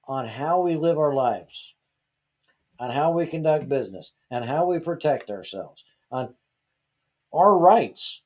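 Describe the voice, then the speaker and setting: Male host from Georgia, mellow-toned, venting heatedly, lots of rhetorical questions; casual opinion podcast. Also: on the high side, animated, unhurried, pauses often.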